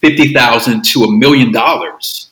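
Male creative guest: bright tone, loose rambling delivery, roomy echo. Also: mid-range voice, normal speed. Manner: rambling, with many fillers and restarts. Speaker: filmmaker guest. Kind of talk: casual interview talk.

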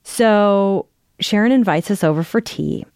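A woman's voice: medium pitch, measured pace, a little mellow, dry recording. A woman telling a personal story in a candid, conversational way, sometimes acting out what people said. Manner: candid, conversational, reenacts dialogue. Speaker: guest storyteller.

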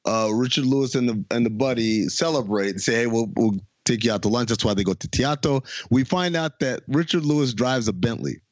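A man's voice: mid-range voice, fairly quick, hardly any pauses, no echo, lo-fi sound. A man hosting a casual podcast chat, retelling a TV episode with jokes and laughter. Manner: animated, laughing, jokey storytelling. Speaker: podcast host.

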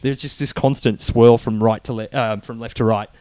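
A man co-hosts a casual film review chat, animated and full of restarts and fillers. His voice sits in a middling range. It is recorded dry and close. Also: medium pitch, moderate pace, dry recording.

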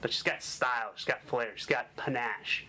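A man from Boston hosting a comic book show, reviewing issues with energetic, joking enthusiasm. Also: medium pitch, normal speed, slight background noise, low-quality recording.

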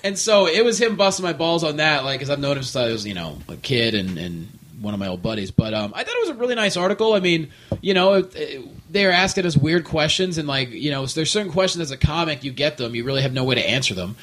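A male comedian guest telling wry stories in casual conversation. His voice is slightly higher than the typical man's. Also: very animated, fast talker, fairly bright tone. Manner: wry, storytelling. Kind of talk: casual chat.

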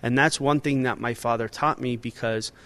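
A man's voice: medium pitch, fairly even intonation, normal speed, fairly bright tone. A man in his forties, a restaurant owner and chef, talking casually and animatedly in an interview, with many fillers and restarts.

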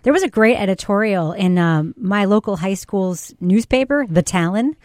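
A woman's voice: medium pitch, animated, moderate pace, darkish tone, no echo, clean studio sound. A woman co-hosting a podcast, speaking bluntly and emphatically in casual chat and swearing as she does. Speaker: podcast co-host, parent.

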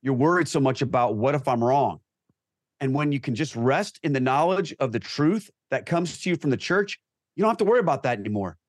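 A man's voice: mid-range voice, lively intonation, quick pace, no room sound. Earnest male guest, dry close sound. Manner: earnest, emphatic, reflective. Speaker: guest, Catholic convert. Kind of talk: earnest talk show discussion.

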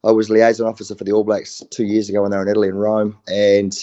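A man's voice: on the low side, monotone, rapid-fire, warm tone, muffled recording. A middle-aged man with a New Zealand accent, a former rugby player talking casually as a guest, easygoing and full of "mate". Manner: laid-back, says mate a lot. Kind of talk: casual phone interview.

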